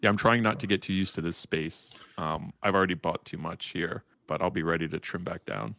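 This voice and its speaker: A man's voice: low-pitched, steady tone, a little fast, a bit bright, no echo. A young man in casual chat, talking animatedly with restarts and acted-out quotes.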